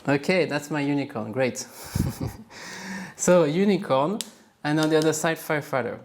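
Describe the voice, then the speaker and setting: A man's voice: a little high, moderate pace, a little hiss or hum. A middle-aged man with a French accent, chatty and self-mocking, explaining supply chain jobs in a casual educational talk. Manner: upbeat, chatty, laughs at himself. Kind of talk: casual explainer while drawing on a board.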